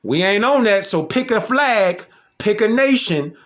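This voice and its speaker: A man's voice: sits high, animated, measured pace, a bit bright. A man talking in a casual, slangy monologue, emphatic and full of rhetorical questions. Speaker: vlogger.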